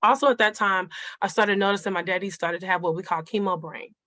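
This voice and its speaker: A woman's voice: medium pitch, fast talker, bright, forceful tone, no room sound. A middle-aged woman, a nurse, sharing a personal story of grief with a group in an earnest, conversational way, speaking directly to her listeners.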